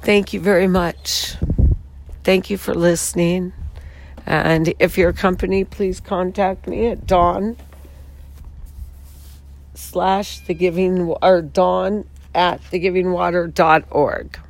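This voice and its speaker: A woman with a raspy, hoarse voice pleads earnestly for support, taking her time over each phrase. She sounds heartfelt and frustrated rather than polished. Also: lowish voice, steady tone, slow. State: hoarse from talking all weekend. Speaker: founder pitching her water advertising venture. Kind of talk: earnest direct-to-camera pitch.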